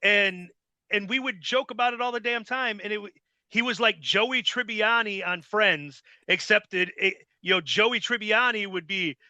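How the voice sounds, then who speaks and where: A man hosting a casual interview, joking and telling animated stories. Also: high-pitched, normal speed, dry recording, highs cut off. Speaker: podcast host.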